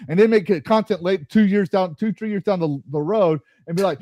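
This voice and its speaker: A high-pitched man with lively intonation and a dark tone rants heatedly on his gaming podcast, talking fast and barely pausing. As host and streamer, he swears angrily and keeps repeating himself and starting over. There's no room sound.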